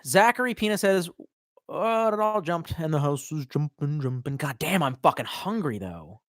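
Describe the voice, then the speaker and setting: Animated young man, loud swearing rambler. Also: fairly high pitch, moderate pace, dry recording, clean studio sound. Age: 20s. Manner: profane, rambling, swings between loud outbursts and mutters. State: drunk. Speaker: livestreamer reading chat. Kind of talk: casual live-stream chat.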